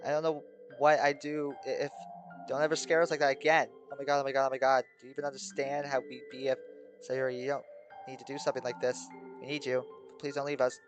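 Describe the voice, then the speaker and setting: A panicked, tearful high-school girl, put on by a man in a game playthrough, loud and breathless, tumbling over her own words. Her pitch runs middling against faint music. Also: flat delivery, fast, dull audio, close to an everyday voice. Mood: frantic relief. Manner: loud, breathless, repeating herself. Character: frantic, tearful teenage girl clubmate.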